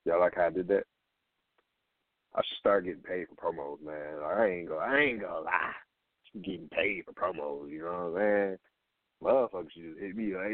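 A man's voice: low-pitched, fairly quick, no room sound. Radio host, man, loose and profane, dry sound. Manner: loose, profane, rambling with restarts. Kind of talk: casual radio talk. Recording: phone-line audio.

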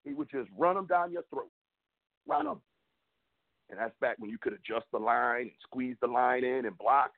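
A man's voice: medium pitch, lively intonation, moderate pace, gravelly. A man hosting a sports show, ranting in frustration, emphatic and rambling, often repeating himself. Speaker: sports podcast host. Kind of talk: heated sports rant. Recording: phone-like narrow audio.

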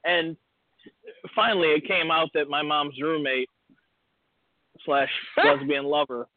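A man with a fairly high voice chats casually as a podcast co-host. He rambles through a story and puts on the voices of its people. The sound is dry and thin, as if over a phone line. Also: steady tone, slow, no echo. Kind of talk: casual chat.

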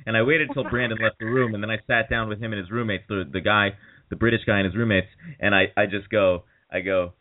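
A man's voice: lowish voice, steady tone, fast. A man co-hosting a podcast, telling jokey stories in casual chat. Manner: jokey storyteller who slips into voices. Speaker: podcast co-host. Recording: phone-like call audio.

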